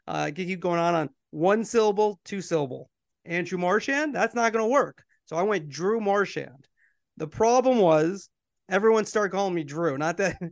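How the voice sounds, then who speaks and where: A man's voice: a little high, vocal fry, dry recording, studio quality. A middle-aged man co-hosting a podcast in casual chat, telling stories and laughing easily. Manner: chatty, storytelling, laughs easily. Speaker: podcast co-host.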